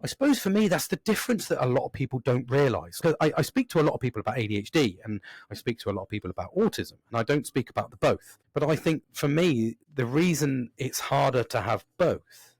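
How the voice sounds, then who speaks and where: Man, thirties, sweary, animated, acts out inner voices, mid pitch, dry close sound. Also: quick pace, hardly any pauses, dry recording. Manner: swears constantly, animated and rambling. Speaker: podcast host. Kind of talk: casual chat.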